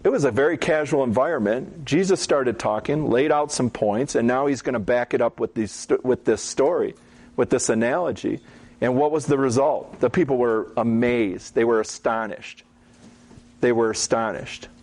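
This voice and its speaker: A man giving a Bible teaching talk, telling stories in a relaxed, conversational way and often checking in with "okay?". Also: medium pitch, normal speed.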